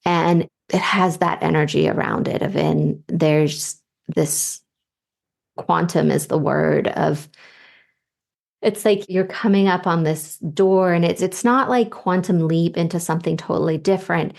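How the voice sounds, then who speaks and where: Slow, gravelly low-voiced woman host. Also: steady tone. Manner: soft, unhurried, with light laughs. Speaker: podcast host and intuitive reader. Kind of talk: slow, spiritual guidance reading.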